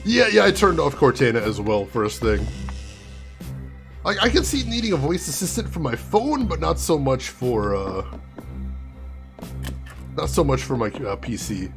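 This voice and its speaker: Chicago guy streaming a game, chatting w viewers, kinda gravelly, slightly high voice. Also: big pitch swings, measured pace, pauses often, music in the background. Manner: chatty, talks to viewers and reads their comments aloud. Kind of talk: let's-play commentary.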